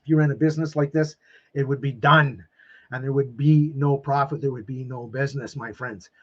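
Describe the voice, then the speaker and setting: Male live-stream coach, effusive and repetitive, average pitch, slightly dull streaming audio. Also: steady tone, fairly quick. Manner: emphatic, repeats phrases, calls viewers "my friends"; openly emotional and effusive. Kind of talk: live-stream talk to viewers.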